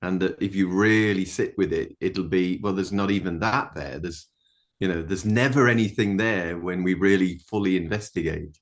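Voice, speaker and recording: Older man musing on a video call. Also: low-pitched. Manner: reflective, halting storyteller. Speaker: group participant. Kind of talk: casual spiritual discussion.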